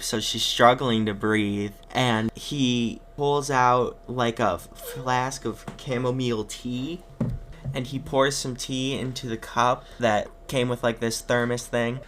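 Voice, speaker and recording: A man's voice: mid-range voice, sharp tone. Man guest rambling through a movie plot. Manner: rambling retelling with fillers, acts out quotes. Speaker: podcast guest. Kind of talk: casual film recap chat.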